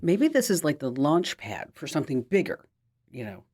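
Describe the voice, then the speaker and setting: A woman's voice: sits low, very animated, normal speed, darkish tone. A woman hosting a podcast, teasing her co-host and closing the show with listener requests. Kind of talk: casual chat.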